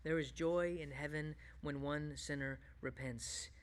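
A man preaching a sermon as a pastor, shifting between loud, emphatic bursts and hushed, low passages. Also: fairly even intonation, measured pace.

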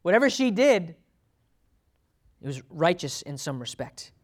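A man's voice: fairly high pitch, very animated, a little slow. A man teaching a Bible sermon in a conversational way, laughing often and acting out quotes with a lifted voice. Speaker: preacher.

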